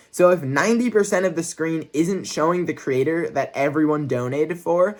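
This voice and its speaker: A young man with a somewhat high voice rants in a deadpan, mock-serious way, as if exposing a scandal. He keeps up an earnest, aggrieved tone that is plainly satire. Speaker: YouTube creator.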